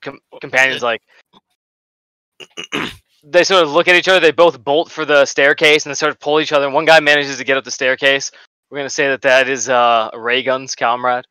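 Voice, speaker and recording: Male game master, casual narration, bright clear voice, dry close recording. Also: mid-range voice, fairly even intonation, fairly quick, dry recording, rough recording. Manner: casual, laughs often.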